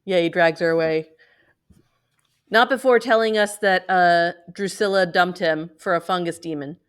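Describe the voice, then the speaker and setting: A woman's voice: lowish voice, normal speed, clean tone. A woman co-hosting a podcast, recapping an episode in casual chat, laughing often and full of fillers. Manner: giggly, lots of fillers. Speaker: podcast co-host. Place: home, on a video call.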